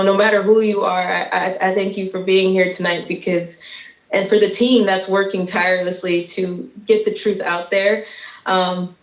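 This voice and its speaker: A woman's voice: mid-range voice, echoey room, low-quality recording. Emotional, stumbling woman in her thirties. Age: 30s. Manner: emotional and stumbling, with nervous laughs. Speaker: guest speaker on a live stream. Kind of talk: impassioned live-stream speech.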